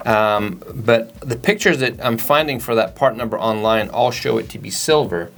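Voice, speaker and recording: A man's voice: mid-range voice, normal speed, vocal fry, a bit bright. A man co-hosting a parts store Q&A, answering in a plain, matter-of-fact way and spelling out part numbers. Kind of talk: casual Q&A chat.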